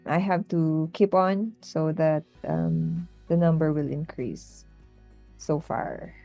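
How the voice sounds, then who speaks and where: A woman's voice: sits low, slow, creaky, warm tone, no echo, muffled recording, faint music behind. A woman tutor talking through her teaching interview in a casual vlog, hesitant with many fillers and restarts. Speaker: online English tutor.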